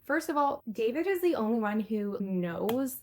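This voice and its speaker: A woman's voice: on the high side, sing-song, normal speed, darkish tone. A woman co-hosting a podcast, chatting casually as she retells TV scenes. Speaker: podcast co-host. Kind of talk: casual chat recapping a TV episode.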